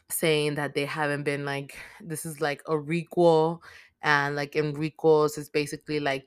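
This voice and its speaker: A podcast host rattles through a casual movie recap in a smooth, clear voice, full of swearing and filler words. The sound is dry and close, with no room echo. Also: mid-range voice, bright, forceful tone.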